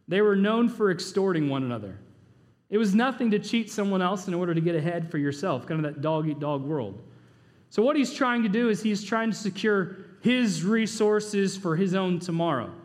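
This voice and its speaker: High-voiced casual preacher in a hall. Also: male voice, expressive, normal speed. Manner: casual, joking asides and rhetorical questions. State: short on sleep. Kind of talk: conversational sermon.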